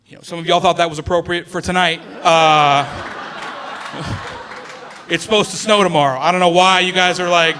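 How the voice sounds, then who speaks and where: A male stand-up comedian with a high, bright voice. He talks chattily on stage and corrects himself mid-sentence. He often laughs through his lines. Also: steady tone, moderate pace, some chatter behind, slight background noise. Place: comedy stage before an audience.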